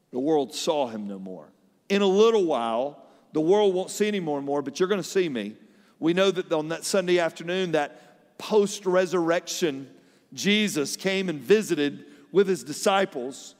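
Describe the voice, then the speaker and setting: A middle-aged man, an animated pastor preaching a sermon and telling personal stories. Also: a little high, in a large hall. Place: large church hall.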